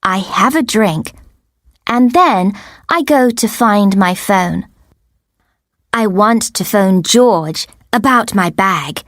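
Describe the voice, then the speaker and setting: A woman tells a first-person story for English learners at a very slow, deliberate pace. Her pitch moves expressively and sits slightly high. The recording is dry and close. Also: lively intonation, fairly bright tone, no echo. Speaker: audiobook narrator. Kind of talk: scripted narration for English learners.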